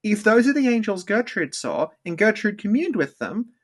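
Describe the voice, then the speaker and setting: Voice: medium pitch, very animated, moderate pace, breathy edge. A podcast co-host talking through game lore in a casual, rambling way, full of "like" fillers. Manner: rambling, heavy use of "like" fillers.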